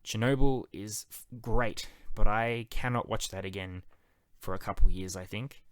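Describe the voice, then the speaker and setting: A man's voice: lowish voice, moderate pace, no echo. A man reviewing a TV series in a casual, enthusiastic, conversational monologue. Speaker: TV show reviewer.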